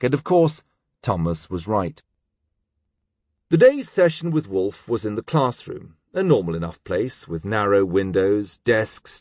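A man narrating a novel as an audiobook, in an expressive, measured storytelling manner. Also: fairly low pitch, breathy edge, no echo, clean studio sound. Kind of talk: scripted narration.

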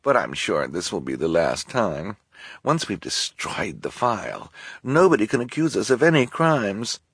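A man's voice: fairly low pitch, sing-song, measured pace, a bit bright, husky, no echo, full character voice. A man voicing a scheming, bloodthirsty villainous woman in an audiobook, with gloating, hissing menace.

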